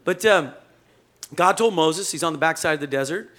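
A male pastor preaching a sermon in a conversational, animated storytelling manner. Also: on the high side, normal speed.

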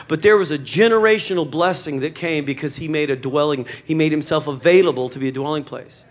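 A man's voice: on the high side, brisk, few pauses, faint music behind. A man preaching a sermon to a church congregation, conversational and joking, acting out short quotes. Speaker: pastor.

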